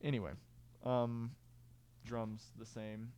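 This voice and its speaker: A man's voice: medium pitch, level tone, slow pace, mellow. A young man talks through his own track, loose and self-correcting, humming rhythms to show his point. His voice sits in a middle register. A clip-on mic picks him up with a noticeable hiss of noise underneath. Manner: rambling, self-correcting, fillers and sung beat sounds. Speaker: music producer giving a tutorial. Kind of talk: casual screen-recorded tutorial.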